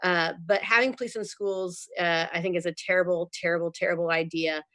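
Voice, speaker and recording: A woman making a short, halting public comment at a council meeting over a remote line. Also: lowish voice, steady tone, a bit bright, dry recording, poor audio. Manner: brief, plain, many "um"s. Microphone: remote call-in.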